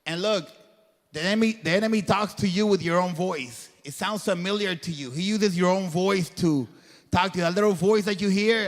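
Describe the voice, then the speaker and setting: A man's voice: high voice, a little fast. Earnest preacher-like man in echoing hall. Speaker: guest speaker. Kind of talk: motivational faith talk. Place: event hall before a crowd. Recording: long hall reverb.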